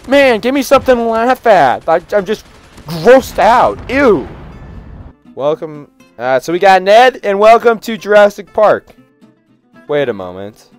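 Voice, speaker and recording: A man giving excitable reaction commentary to memes, with loud outbursts and frequent laughter. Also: sits high.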